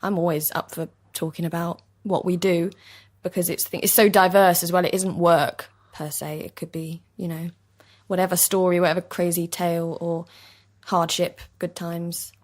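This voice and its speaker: In a basement recording studio, an actor guest chats casually in an interview. She's a young East London woman with a matching accent and a lowish, level, darkish voice, and she comes across as chatty, agreeable and quick to laugh.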